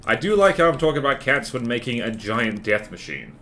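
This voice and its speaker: While building in a game on stream, this man chatters in a loose, joking, self-mocking manner. He has a mid-range voice with big pitch swings, talks fairly quickly, and sounds pushed and bright over slight background noise.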